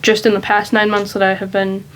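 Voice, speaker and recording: A woman vlogging in a loose, rambling way, thinking aloud and speaking candidly at an ordinary, middle pitch. A faint hiss of background noise sits beneath her voice. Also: completely flat delivery, a little fast, rough recording. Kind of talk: casual reflective monologue.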